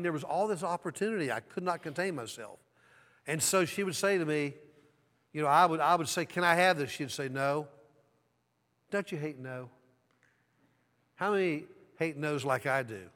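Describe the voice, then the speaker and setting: Brief: man from the American South, middle-aged pastor, storytelling sermon with call-and-response, slightly high voice, echoing hall. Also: fairly bright tone. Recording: long hall reverb.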